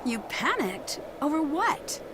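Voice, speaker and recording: A woman's voice: sits high, very animated, takes it slowly, noisy background, heavily acted. An actress playing a composed young woman detective in a mystery game. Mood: calm. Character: young woman detective, calm and self-assured. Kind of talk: voiced game dialogue.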